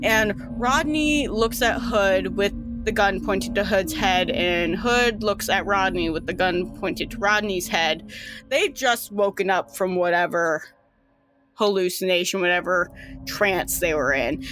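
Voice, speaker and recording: A woman's voice: medium pitch, unhurried. A woman narrating as game master in a loose, casual way with frequent fillers and swearing. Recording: music playing behind.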